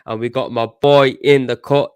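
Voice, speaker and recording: Laid-back Manchester lad hosting a football chat. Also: male voice, medium pitch, steady tone, normal speed, clear, resonant tone, dry recording. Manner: laid-back street slang, friendly banter. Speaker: host.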